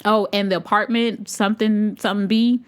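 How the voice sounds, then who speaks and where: A woman's voice: medium pitch, steady tone, brisk, clean tone. A woman co-hosting a podcast in casual chat, playful and giggly, bantering back. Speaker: podcast co-host.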